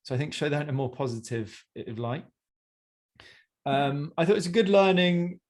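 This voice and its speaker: A man's voice: a little high, animated, moderate pace. A man giving one-on-one coaching feedback on a presentation, talking in a conversational, encouraging way with many fillers.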